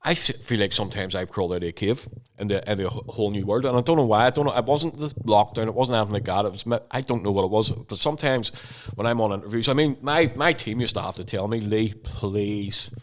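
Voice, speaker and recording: A man's voice: on the low side, fast, few pauses. A young man co-hosting a podcast, telling stories with plenty of swearing. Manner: swearing storyteller, laughs easily. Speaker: podcast co-host. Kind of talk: casual podcast chat.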